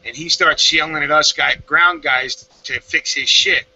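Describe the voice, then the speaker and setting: Blue collar guy spinning stories, cusses a lot, keeps saying right?, sharp bright voice, dull audio. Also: fairly high pitch, steady tone, measured pace, slight background noise. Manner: profane, blunt, keeps asking "right?". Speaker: panel guest, blacktopper. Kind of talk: casual storytelling. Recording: muffled lo-fi audio.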